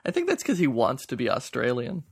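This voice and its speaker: A man's voice: mid-range voice, huge pitch swings, fairly quick, gravelly, husky. A man co-hosting a podcast remotely, chatting casually about films, rambling with many restarts. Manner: rambling, restarts a lot, conversational. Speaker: podcast co-host. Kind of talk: casual film chat. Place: home, remote from co-host.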